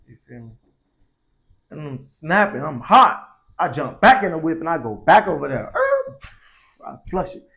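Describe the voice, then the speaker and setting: A man's voice: fairly high pitch, huge pitch swings, moderate pace, gravelly, pauses often, a bit bright. A young man telling a story casually, in slangy and profane speech that grows heated. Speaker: vlogger.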